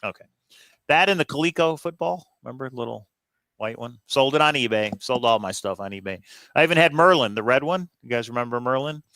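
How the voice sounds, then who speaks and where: Wry, bright-voiced male co-host. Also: medium pitch, animated, brisk, no echo. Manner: wry, offhand, jokey asides. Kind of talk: casual chat.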